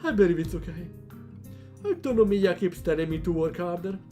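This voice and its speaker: A man voicing a calm, odd teenage girl artist in a dreamy, matter-of-fact way, reading a visual novel aloud. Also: sits high, brisk, faint music behind. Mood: deadpan.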